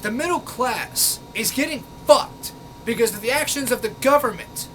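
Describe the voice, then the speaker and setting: A man's voice: very high voice, normal speed, a bit bright, slight background noise, rough recording. A man ranting angrily at a commenter, sarcastic and exasperated, swearing often. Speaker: vlogger. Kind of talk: angry rant reading out comments.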